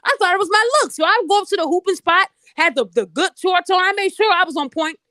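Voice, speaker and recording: A woman's voice: extremely high pitch, fast, pushed and bright, no room sound. A woman hosting a podcast, telling a personal story in a blunt, profane, casual way and addressing her listeners directly. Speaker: podcast host.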